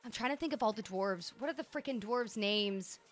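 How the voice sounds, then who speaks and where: A woman streamer commenting excitedly on a game, gushing and thinking aloud as she tours player-made spaces. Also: fairly high pitch, brisk, soft background music.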